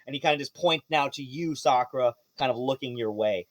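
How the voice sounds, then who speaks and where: A man as game master running a tabletop game, lively and profane. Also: mid-range voice, brisk, no echo.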